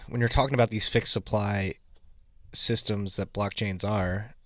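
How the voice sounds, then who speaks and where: Low-voiced joking Philadelphia host. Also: male voice, steady tone, measured pace, a bit bright, no room sound, clean studio sound. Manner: joking, chimes in with short agreements. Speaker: podcast host. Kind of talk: casual podcast interview.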